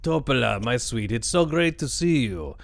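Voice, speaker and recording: A man's voice: medium pitch, lively intonation, normal speed, vocal fry, no echo. A man voicing a flirtatious male space pirate who gushes and stumbles over his compliments. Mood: flirty.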